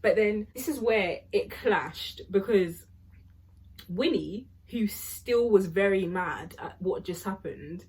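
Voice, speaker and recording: A woman's voice: mid-range voice, expressive, takes it slowly, darkish tone, slightly rough. A young woman, telling a rambling storytime vlog full of fillers. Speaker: vlogger.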